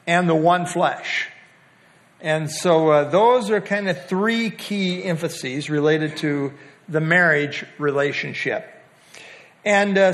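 An older man giving a casual Bible teaching on a passage, talking in a folksy, halting way with light humor and frequent pauses to restart his sentences. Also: on the high side, fairly bright tone.

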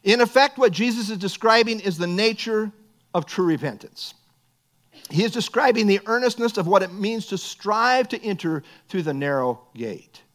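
A man's voice: high voice, animated, moderate pace, a bit bright. A middle-aged man preaching a sermon as pastor, earnest and building to emphatic bursts.

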